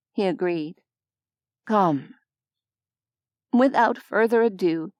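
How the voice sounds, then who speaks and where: A woman narrating a scripted audiobook in an unhurried, even storytelling manner on a close studio mic. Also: medium pitch, clear, resonant tone, no echo.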